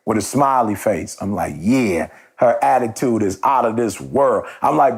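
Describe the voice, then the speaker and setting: A man's voice: mid-range voice, moderate pace, hardly any pauses, a little mellow. A man hosting a podcast, telling a story in a casual, slangy way before turning it into a motivational message. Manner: conversational and slangy, with repeated phrases and restarts. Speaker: motivational speaker and podcast host.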